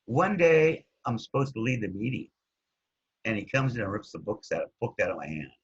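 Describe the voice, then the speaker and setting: A man with a husky voice casually telling his recovery story, rambling and looping back with "anyways", on a dull lo-fi recording. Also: on the low side, sing-song, normal speed. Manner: rambling, keeps saying anyways.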